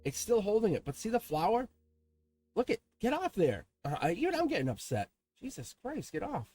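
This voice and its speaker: A man giving a casual tarot reading to camera in an animated, rambling way, talking to his cards and laughing now and then. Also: high-pitched, brisk, faint music behind. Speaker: tarot reader.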